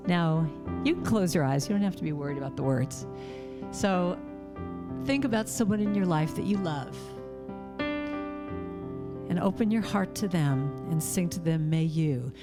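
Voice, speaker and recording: A woman with a somewhat low voice delivers a spiritual talk in a gentle, heartfelt way. She stretches out key words for emphasis and sometimes drops to a soft, breathy near-whisper. Faint music plays in the background. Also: lively intonation, normal speed, long pauses. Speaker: inspirational speaker and singer. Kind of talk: spiritual talk leading a chant.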